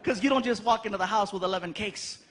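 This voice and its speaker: A man's voice: high voice, fast talker. A middle-aged man doing a stand-up routine, telling stories animatedly and acting out voices. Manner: animated storytelling, acts out voices. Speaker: stand-up comedian. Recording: live stage mic with audience noise.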